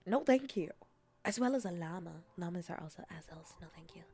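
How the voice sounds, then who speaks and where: A woman streamer in a casual, rambling chat, playful and often dropping into soft whispers. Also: lowish voice, expressive, brisk, slightly rough.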